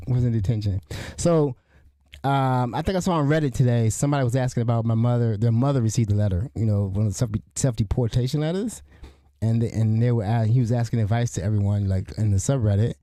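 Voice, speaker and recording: A man's voice: medium pitch, dark tone, no echo, clean studio sound. A middle-aged man hosting a podcast, talking in a rambling, indignant way with frequent restarts. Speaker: podcast host. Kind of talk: casual spoken commentary.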